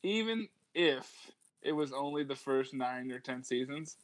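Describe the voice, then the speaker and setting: An animated man with a mid-range voice co-hosts a podcast at a measured pace. He chats casually and rambles enthusiastically, dropping plenty of fillers and swear words.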